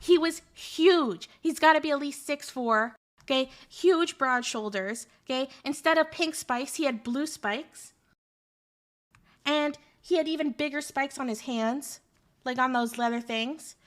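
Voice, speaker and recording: A woman streamer telling a story in a casual, animated, rambling way with lots of fillers. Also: high voice, unhurried.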